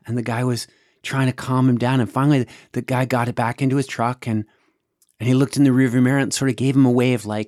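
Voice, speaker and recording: A man's voice: mid-range voice, steady tone, fairly quick, a little mellow, no echo, clean studio sound. A man hosting a podcast, telling a story in a casual monologue, with many restarts and repeated words. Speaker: podcast host.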